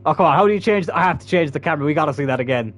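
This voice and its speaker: A man talks through a football video game in a loose, conversational way, cursing freely. His voice sits a little high and swings widely in pitch, and he keeps up a relaxed, running commentary. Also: very fast. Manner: chatty, swearing, bursts into loud laughter. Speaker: gaming YouTuber. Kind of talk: casual gameplay commentary.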